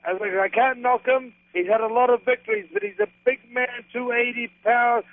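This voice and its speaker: A man's voice: extremely high pitch, sing-song, normal speed, vocal fry, dry recording. An older man from New Zealand with a New Zealand accent, a wrestler hamming it up in a boisterous promo-style phone interview. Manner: boisterous, hammy wrestling persona full of slang. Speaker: professional wrestler guest. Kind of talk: over-the-top wrestling promo banter. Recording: tinny dry phone line.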